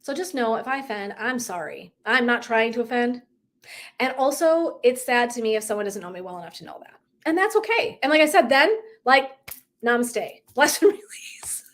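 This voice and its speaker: A woman's voice: a little high, lively intonation, brisk, a bit bright. A middle-aged woman wellness coach talking candidly in a casual live stream, swearing and laughing as she acts out her own thoughts.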